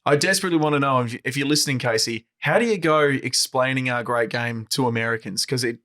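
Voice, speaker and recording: A man's voice: medium pitch, fast, pushed and bright. A man co-hosting a podcast, joking around in playful casual chat. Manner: playful and jokey. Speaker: podcast co-host.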